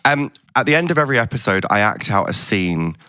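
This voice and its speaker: A man from England hosting a podcast, playful and quick to laugh and cheer. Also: fairly low pitch, expressive, bright, forceful tone, clear, resonant tone. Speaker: podcast host. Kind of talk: casual chat.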